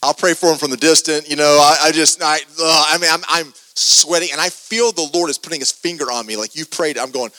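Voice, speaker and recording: Animated preacher telling a story. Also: male voice, on the high side, fast talker, hardly any pauses, dry recording. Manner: animated storyteller, lots of repeated starts. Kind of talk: sermon storytelling.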